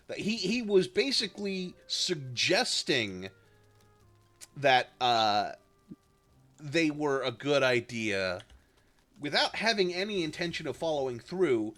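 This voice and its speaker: A man's voice: mid-range voice, sharp tone. A man in casual game-stream chat who rambles and hedges, often poking fun at himself. His voice moves up and down a lot. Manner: rambling, hedging, self-mocking. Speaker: streamer co-host. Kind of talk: casual chat while gaming.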